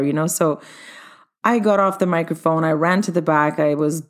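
Casting: middle-aged woman, dance studio owner, upbeat and chatty storyteller with a slightly low voice. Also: normal speed. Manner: upbeat, chatty, addresses listeners directly. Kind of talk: personal storytelling monologue.

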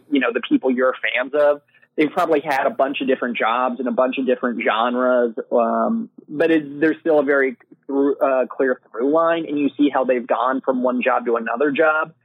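A literary manager answering podcast interview questions in a casual way, full of "you know" and "like". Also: male voice, mid-range voice, steady tone, moderate pace, husky, no room sound. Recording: dry, thin phone-line sound.

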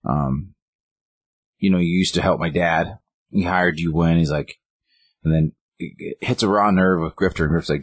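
Deep husky guy recapping a story, keeps doing the characters' lines, dry sound. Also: dry recording. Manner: animated retelling, acting out lines of dialogue in a raised voice. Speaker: co-host recapping a game story. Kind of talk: casual chat.

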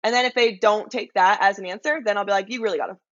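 A woman's voice: medium pitch, steady tone, fast talker, fairly bright tone, lo-fi sound. A young woman guest chatting on a podcast, bubbly and laughing often, acting out what she would say. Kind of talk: casual interview chat.

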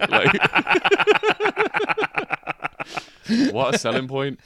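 A man's voice: high-pitched, wildly swooping pitch, drawn-out words, creaky, long pauses, bright, forceful tone, dry recording, clean studio sound. A man co-hosting a podcast, in a casual film discussion, talking enthusiastically and swearing. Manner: enthusiastic, sweary, emphatic lists. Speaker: podcast co-host.

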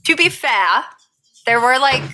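A woman's voice: high voice, expressive, unhurried, pushed and bright, a little hiss or hum, rough recording. A woman co-hosting a casual podcast, reading her research notes aloud with profane, jokey asides. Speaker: podcast co-host.

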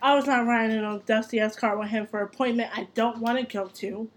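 Young adult woman host, slightly high voice, animated and profane casual storyteller. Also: quick pace. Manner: animated, profane, laughs through her story.

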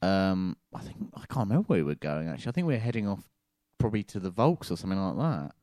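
A man's voice: deep voice, fast, no room sound, studio quality. A man co-hosting a podcast, casually telling an anecdote with lots of laughter and acted-out voices. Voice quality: animated, laughs often, acts out voices. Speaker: podcast co-host. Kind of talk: casual chat, storytelling.

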